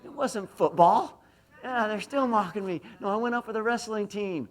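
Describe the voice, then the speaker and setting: Speaking at a moderate pace in a high voice, a middle-aged man from Idaho gives a motivational university lecture. He poses questions to the crowd and shares stories that poke fun at himself.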